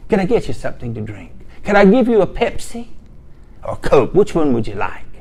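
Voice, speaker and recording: A man's voice: a little high, very animated, a little fast, a little mellow, breathy edge, heavily acted. A man voicing a pushy, wheedling car salesman who coaxes in an insistent, half-whispered way. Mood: coaxing.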